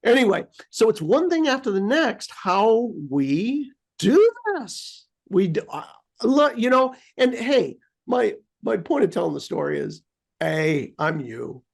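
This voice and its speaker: This co-host, an American man, speaks at a moderate pace in a high, creaky voice. Recounting a story casually, he gets animated, mimicking beeps and playing out how frustrated he felt.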